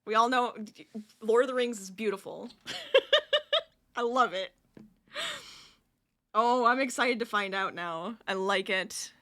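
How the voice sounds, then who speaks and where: Woman, crochet streamer, casual chat, giggly, lively swooping pitch, bright tone. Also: slow pace, pauses often. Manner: chatty, giggly, talks to chat and counts stitches under her breath.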